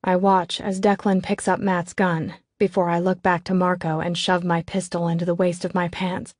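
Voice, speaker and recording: A woman's voice: lowish voice, little pitch movement, normal speed, darkish tone, dry recording, studio quality. A woman reading a novel aloud in scripted first-person narration, in a tense, controlled way. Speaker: audiobook narrator.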